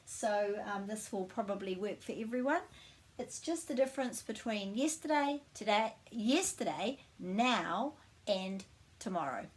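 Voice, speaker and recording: A woman with a New Zealand accent giving a casual language lesson, friendly and slowing down to model each word. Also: medium pitch, lively intonation. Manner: friendly, slows down to model pronunciation. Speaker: language teacher.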